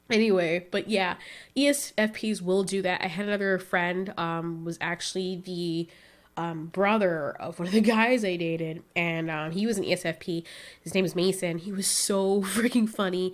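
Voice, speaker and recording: A young woman in casual chat, telling lively stories and acting out what people said, often breaking into laughs. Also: on the low side, normal speed. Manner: animated storytelling, acts out quotes with laughs. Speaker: vlogger.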